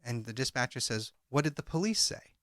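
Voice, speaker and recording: A man's voice: medium pitch, animated, fairly quick, fairly bright tone, no room sound, studio quality. A man co-hosting a true crime podcast, recounting a call transcript and reading out each speaker's lines. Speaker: podcast co-host.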